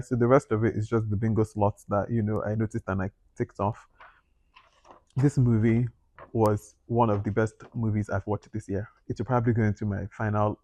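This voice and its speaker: A man's voice: fairly low pitch, darkish tone, dry recording. A man giving a casual, rambling movie review, acting out his own reactions with sudden gasps and exclamations. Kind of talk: casual spoken film review.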